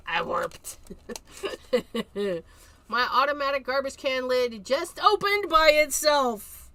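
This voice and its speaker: A woman leads a live card-making tutorial in a bright, fairly high voice. She talks slowly and loosely, joking to herself as she works. A faint hiss sits behind her. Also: lively intonation. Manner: chatty, jokey, talks to herself while working.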